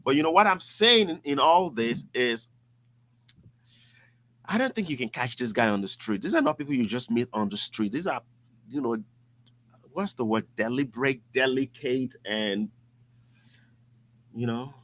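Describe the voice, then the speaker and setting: A man's voice: mid-range voice, normal speed, pauses often. A man hosting a casual talk show, telling stories with animation and acting out the voices of others. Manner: animated storyteller, acts out voices. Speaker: show host. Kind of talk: casual podcast chat.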